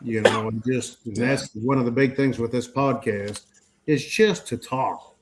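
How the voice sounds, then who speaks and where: A man's voice: medium pitch, unhurried, slight background noise. A man in his fifties hosting a casual group podcast chat. He tells a personal story in a rambling way, with many restarts, fillers and casual swearing. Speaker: podcast host.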